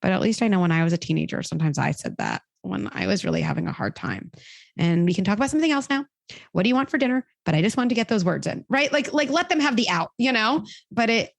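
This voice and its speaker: A woman psychologist giving parenting advice in conversation, animated and acting out the lines parents and children say. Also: mid-range voice, fast talker, vocal fry, no room sound. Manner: animated, acts out quoted dialogue.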